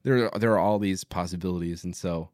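A man as a podcast guest in casual chat, relaxed and rambling, with many fillers. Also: deep voice, a little fast, dry recording, studio quality.

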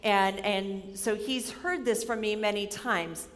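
A young woman giving a sermon built on a personal story. She is animated and acts out her own worried voice as she tells it. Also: mid-range voice, slow pace. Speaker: speaker giving a chapel talk. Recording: long hall reverb.

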